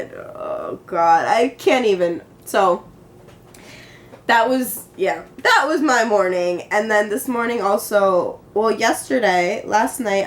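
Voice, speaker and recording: A woman's voice: mid-range voice, a little hiss or hum. A young adult woman vlogging casually into her phone. She tells an exasperating story with laughter and quoted back-and-forth. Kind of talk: casual chat. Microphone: handheld phone camera.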